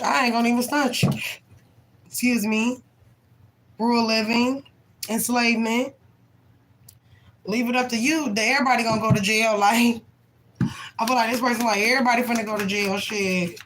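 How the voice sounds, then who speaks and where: A woman's voice: on the high side, background noise. A young woman giving a live tarot reading, reading card names aloud in a blunt, profane, chatty way. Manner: laughs often and voices the people in the cards. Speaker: tarot reader.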